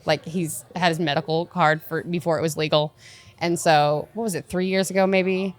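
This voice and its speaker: A woman's voice: deep voice, fairly even intonation, normal speed. A young woman with a Midwestern American accent, a restaurant server telling stories in casual podcast chat, acting out quotes. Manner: storytelling, acts out quotes.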